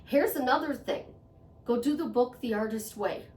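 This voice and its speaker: A woman's voice: fairly high pitch, moderate pace, a little mellow. Earnest woman giving advice in an echoey room. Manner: earnest, conversational, repeats phrases for emphasis. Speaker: self-help vlogger. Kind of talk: motivational monologue to camera. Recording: echoey room, voice a bit far from mic.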